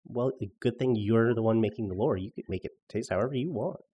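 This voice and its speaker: A man's voice: lowish voice, fast, mellow, slightly rough, dull audio. A man co-hosting a podcast, chatting casually, thoughtful and hesitant with dry jokes. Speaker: podcast co-host and player.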